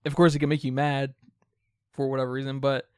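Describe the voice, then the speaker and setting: A man co-hosting a podcast, talking casually about a film in quick, animated bursts. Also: mid-range voice, clear, resonant tone, no room sound, studio quality. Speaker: podcast co-host.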